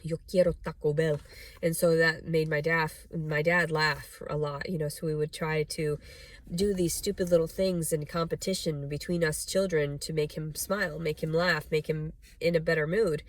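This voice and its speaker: A young adult woman speaks in a low register, rambling through a personal monologue with constant fillers and blunt swearing. The recording is dry and close, with almost no room sound. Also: steady tone, moderate pace, no echo. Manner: rambling, frequent "like" and "you know", blunt and profane. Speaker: vlogger.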